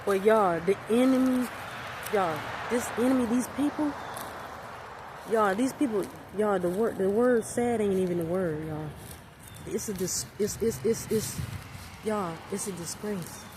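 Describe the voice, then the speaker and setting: In an unhurried, medium-pitched voice over background noise, a woman shares a storytime vlog. She keeps repeating herself and animatedly addresses her viewers as "y'all" again and again.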